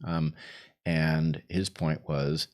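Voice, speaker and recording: A man's voice: a bass voice, flat delivery, extremely slow. A man co-hosting a livestream podcast, talking in a musing, wry and playful way. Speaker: podcast co-host. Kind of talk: casual livestream conversation.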